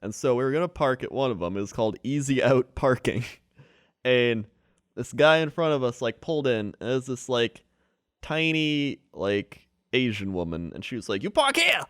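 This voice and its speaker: A man who is sick with the flu co-hosts a podcast, telling a story in casual chat and animatedly acting out its characters in high voices. He talks at normal speed with a clean tone, recorded in clean studio sound with no room sound.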